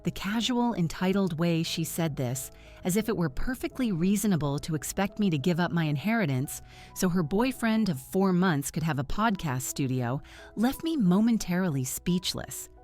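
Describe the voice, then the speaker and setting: A woman narrating a first-person family drama story in a steady, dramatic storytelling way. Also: fairly low pitch, moderate pace, faint music behind.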